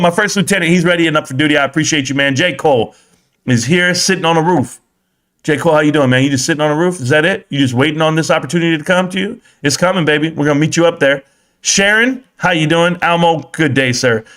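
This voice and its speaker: On a relaxed stock live stream, a young man reads chat messages aloud, jokes around, and swears. His volume swings from excited shouting to low muttering.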